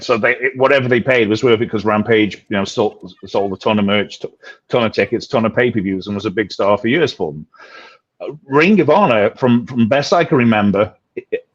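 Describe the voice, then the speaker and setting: A man's voice: lowish voice, moderate pace, dull audio. A man with a mixed British-American accent, chatting on a podcast in a rambling, blunt way, full of restarts and swearing. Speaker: podcast panelist. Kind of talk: casual podcast chat.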